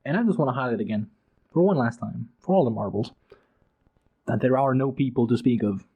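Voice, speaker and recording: A man's voice: medium pitch, fairly quick, slightly rough, phone-quality sound. A man hosting a podcast, talking heatedly about a book and swearing for emphasis. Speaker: podcast host. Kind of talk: casual book discussion.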